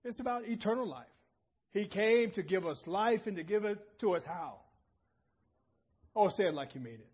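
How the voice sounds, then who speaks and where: Male preacher, fairly high husky voice, emphatic sermon style, dull lo-fi recording. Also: animated, normal speed, a little mellow. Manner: emphatic, calls out to the congregation with questions. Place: church assembly hall.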